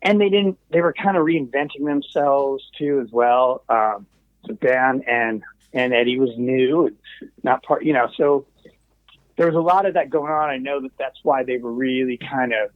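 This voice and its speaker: A man's voice: medium pitch, moderate pace, dry recording. Man telling studio stories over a tinny line. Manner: meandering, full of asides and trailing restarts. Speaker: guest, recording engineer. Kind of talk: casual anecdotal storytelling. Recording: tinny phone-like call line.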